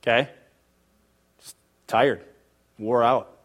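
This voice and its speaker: A man leading a church group in a conversational sermon, tossing questions out to the room and pressing his points with rising emphasis. His pitch sits in an ordinary middle range, and he turns heated at times. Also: steady tone, very slow, a bit bright. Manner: conversational and emphatic, quizzing the audience; gets heated and emotional. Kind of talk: interactive sermon.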